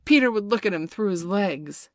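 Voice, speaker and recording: A woman's voice: mid-range voice, expressive, moderate pace, no room sound, clean studio sound, voice pushed up, natural voice. A woman voicing a band of young boys crying out together in a storybook reading. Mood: anxious.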